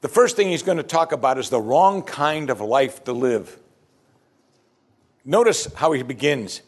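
A man preaching with a husky, slightly breathy voice pitched a bit above the usual. He drives his points home emphatically, pushing his listeners with urgent questions. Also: sing-song, moderate pace. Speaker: pastor. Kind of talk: sermon.

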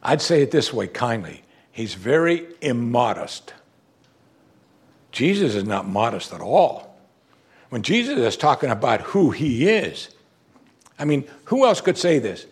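A middle-aged man preaches with a slightly husky voice. His pitch rises and falls in lively swoops as he drives points home, then drops low and quiet. It is the steady cadence of a pastor at the pulpit. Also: measured pace, long pauses. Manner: animated, preacherly, swinging from loud emphasis to low quiet. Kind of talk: sermon.

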